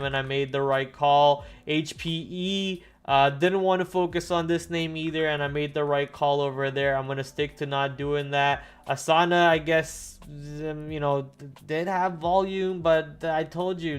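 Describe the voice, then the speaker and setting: Man, livestream trading host, casual market talk, thinking aloud, clear voice, light music behind. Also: a little high. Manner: animated and thinking aloud, with many fillers and restarts.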